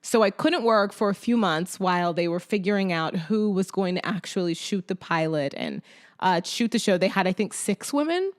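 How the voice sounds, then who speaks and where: A woman's voice: mid-range voice, lively intonation, normal speed. An American woman from Oklahoma, a television journalist, telling her story in a chatty, laughing way with lots of "like". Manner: chatty, laughs easily, uses "like" as filler. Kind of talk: casual interview storytelling.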